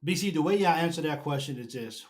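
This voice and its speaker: A man's voice: fairly high pitch, expressive, fast. A man hosting a fan show, talking in a casual sports reaction chat, emphatic and repeating himself like a preacher as he builds up. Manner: emphatic, preacher-like repetition, rising to near shouting. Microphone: own camera setup at home.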